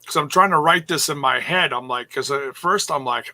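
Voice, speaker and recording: A man's voice: a little high, fairly quick, sharp tone. A man co-hosting a casual podcast, rambling and thinking aloud as he talks. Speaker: podcast co-host.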